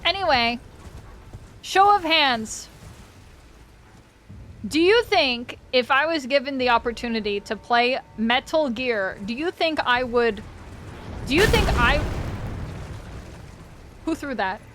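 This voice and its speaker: A woman with a high voice chats unhurriedly with her viewers while she plays a game live. She is blunt and swears freely. She laughs often and speaks straight to her chat. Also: animated, slow pace, pauses often, a bit bright, a little hiss or hum. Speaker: game streamer. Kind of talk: casual live-stream chat while gaming.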